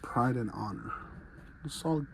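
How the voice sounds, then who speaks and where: With lively intonation and some vocal fry, a medium-pitched man speaks at a measured pace as he walks through a large indoor fireworks store. It's a casual vlog, and he chats enthusiastically though out of breath, with background noise behind him.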